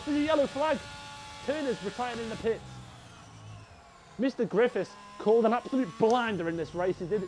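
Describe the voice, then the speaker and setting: A young man giving live sim racing commentary, chatty and excitable, talking to his viewers as lads. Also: extremely high pitch, a little hiss or hum, rough recording. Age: young adult. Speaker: race commentator.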